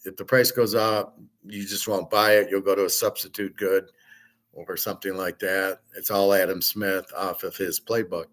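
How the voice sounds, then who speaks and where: A man's voice: deep voice, little pitch movement, normal speed, a bit bright. A man hosting his own show, giving a blunt, rambling commentary monologue with frequent swearing and filler words. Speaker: host.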